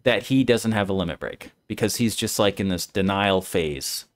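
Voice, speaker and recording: A man hosting a casual game discussion, explaining the story in an animated way and acting out the characters. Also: fairly low pitch, normal speed. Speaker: streamer and host.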